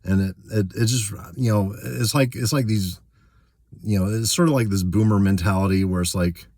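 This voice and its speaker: A man with a low, mellow voice hosts his own channel in a loose, casual rant. He stumbles through fillers and restarts and grows more heated as he goes. The sound is dry and close, with little room around it. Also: fairly even intonation, dry recording. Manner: halting, many fillers and restarts, getting worked up. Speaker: channel host.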